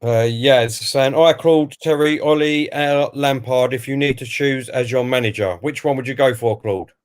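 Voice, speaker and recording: A man's voice: medium pitch, normal speed, clear, resonant tone. A man co-hosting a football watch-along stream, giving live commentary and reading out viewer comments before giving his own view. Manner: chatty, reads out chat messages and then gives his view.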